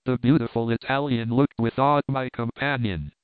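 A man narrates a classic story in a steady, clear way. His voice is smooth and resonant, but the recording is dry and thin like a phone line. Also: mid-range voice, normal speed, no echo. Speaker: audiobook reader. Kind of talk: scripted narration. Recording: dry tinny phone-like sound.

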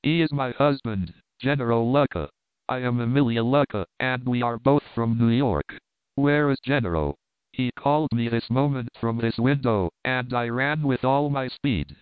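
An impassioned young Italian wife pours out her words, as a male reader puts her on. The sound is dry and tinny like a phone line, yet the voice stays smooth. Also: mid-range voice, normal speed, no room sound, close to an everyday voice. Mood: pleading. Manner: impassioned, exclaiming.

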